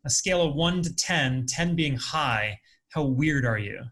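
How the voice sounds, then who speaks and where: A man hosting a gaming podcast interview, talking in a quick, upbeat way. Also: medium pitch, expressive, fairly bright tone. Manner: upbeat and quick, says he talks fast. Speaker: podcast host. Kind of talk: casual interview.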